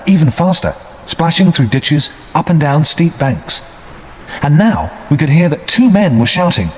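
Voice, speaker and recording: A man narrating a storybook for English learners in a clear, measured way. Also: medium pitch, a little hiss or hum. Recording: long hall reverb.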